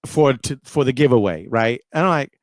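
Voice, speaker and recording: A man's voice: mid-range voice, moderate pace, no echo. A middle-aged man, a radio and music industry guest, telling stories in a casual interview and often repeating and restarting his words. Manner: animated, repeats and restarts words when excited.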